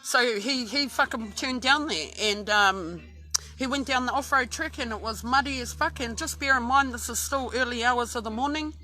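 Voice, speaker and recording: A woman's voice: a little high, normal speed, sharp tone. An Australian woman telling a story casually, swearing constantly and restarting her sentences often. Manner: heavy swearing, rambling with many restarts. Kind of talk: casual true-crime storytelling.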